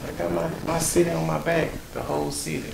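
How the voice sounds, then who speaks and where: A man's voice: a little high, little pitch movement, quick pace. A man from Mississippi with a rural Southern accent, chatting casually as an interview guest, joking, laughing easily and restarting his sentences. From Mississippi, USA. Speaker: comedian and voiceover creator, guest. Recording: echoey room with clear background noise.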